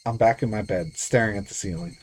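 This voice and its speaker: A man's voice: lowish voice, fairly quick, faint music behind, lightly acted. A man reading a paranoid guilt-ridden teenage girl. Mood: numb. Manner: obsessive repeating, frantic pleading. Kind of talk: reading a visual novel aloud.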